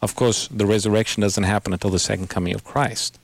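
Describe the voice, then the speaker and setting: A man hosting a call-in radio Bible program, patiently explaining scripture and slowing down to quote verses. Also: lowish voice, steady tone, creaky, dry recording. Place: radio studio.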